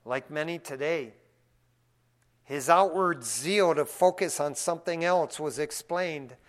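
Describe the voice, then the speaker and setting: Animated, folksy preaching man, fairly high voice. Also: measured pace. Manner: swings from hushed asides to loud excited preaching; folksy, says "man" often. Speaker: pastor. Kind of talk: sermon.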